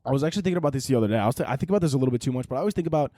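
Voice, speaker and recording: A man's voice: mid-range voice, racing, no room sound. A young man hosting a podcast, ranting casually with lots of swearing and restarts. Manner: profane, animated, rambling with restarts. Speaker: podcast host. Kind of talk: casual rant.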